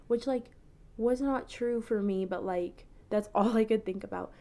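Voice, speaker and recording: A young woman tells a story straight to her viewers in a loose, conversational way, with "like" scattered all through it. Her voice sits at a middle pitch. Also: steady tone, brisk, warm tone. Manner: chatty, lots of "like" fillers. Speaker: TikTok creator. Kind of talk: casual storytime.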